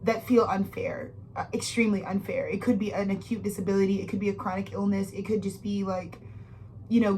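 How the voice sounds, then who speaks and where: A woman's voice: mid-range voice, steady tone, a little fast, a little mellow, a little hiss or hum. A woman in her twenties giving a heartfelt, rambling astrology reading, full of swearing, restarts and personal stories. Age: 20s. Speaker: astrology tarot reader. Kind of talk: emotional monologue reading.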